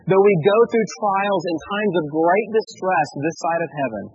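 A man preaching a sermon as pastor, earnest and pleading, dropping to a hush at emotional points. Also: high-pitched, moderate pace, dull audio, faint music behind.

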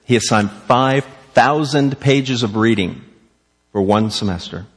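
A man preaching a sermon, animated, asking rhetorical questions and acting out the quoted lines. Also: medium pitch, normal speed, in a large hall. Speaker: pastor.

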